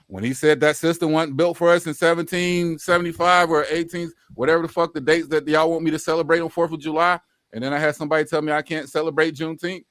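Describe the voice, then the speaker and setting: Quick and a bit bright, this slightly high male voice has fairly even intonation and a clean, room-free studio sound. He's a Southern-accented man from Louisiana, Mississippi, talking passionately but casually on a live-stream panel, sometimes swearing and going over the same points again.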